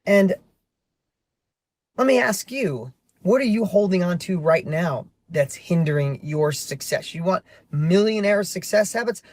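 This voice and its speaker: Man, middle-aged, motivational monologue, animated storyteller, talking from his parked car. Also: high-pitched, no echo. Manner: animated, storytelling, quick shifts into heated emphasis. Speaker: motivational vlogger.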